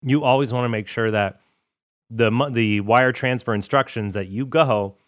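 A man's voice: mid-range voice, normal speed, no room sound, studio quality. A man hosting a show, talking casually with asides and brief mock voices. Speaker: podcast host. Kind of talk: casual commentary.

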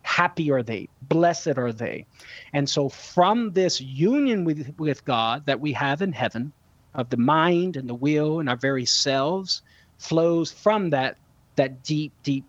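A man with a slightly high voice explains theology to callers in an earnest, teaching way, leaning on repeated words for emphasis. The sound is dry and close, a little dull and lo-fi. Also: expressive, a little slow, no echo. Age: young adult to middle-aged, a father. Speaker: guest theologian answering callers. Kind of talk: call-in radio show Q&A.

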